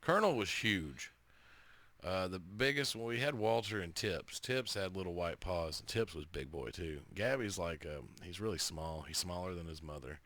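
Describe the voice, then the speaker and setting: A man, co-hosting a podcast, telling animated stories, laughing and swearing. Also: sits low, normal speed. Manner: laughing, profane, animated storyteller. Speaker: podcast co-host. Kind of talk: casual chat.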